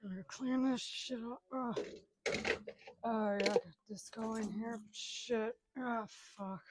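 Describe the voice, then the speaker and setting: Woman, crude comedic vlogger, constant groaning and cursing to herself, unhurried delivery, noisy home kitchen. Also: fairly high pitch, fairly even intonation. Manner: melodramatic wailing outbursts. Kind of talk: crude comedic rambling while doing chores.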